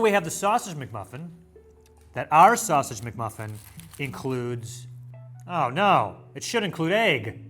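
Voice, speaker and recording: A man's voice: mid-range voice, fairly bright tone. A man hosting a food review show, talking in an enthusiastic, jokey, playful way. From United States. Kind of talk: casual food review chat.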